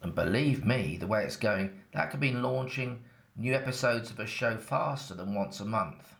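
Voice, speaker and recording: A man's voice: fairly low pitch, lively intonation, normal speed, gravelly, fairly bright tone, echoey room. An English man with a slight Essex accent, telling his own story in a chatty, matter-of-fact, slightly cheeky way. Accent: Essex-tinged English. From England. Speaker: narrator. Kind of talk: first-person scripted storytelling.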